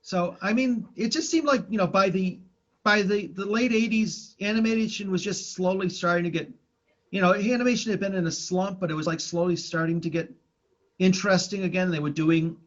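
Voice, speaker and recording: Rambling man with a slightly high voice. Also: fairly quick, a bit bright. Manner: rambling, many restarts and fillers. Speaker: podcast co-host. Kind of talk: casual chat about old cartoons. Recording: dull lo-fi sound.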